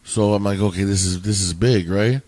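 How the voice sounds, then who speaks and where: A man, a former bouncer and podcast guest, telling a story in an animated, profane way. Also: lowish voice, moderate pace. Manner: animated, swears a lot. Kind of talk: casual storytelling. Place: indoors, home.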